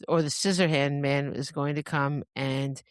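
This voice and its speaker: A woman's voice: low voice, steady tone, unhurried, dry recording, clean studio sound. A woman voicing a cold, mocking mother from a grim fairy tale. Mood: scolding.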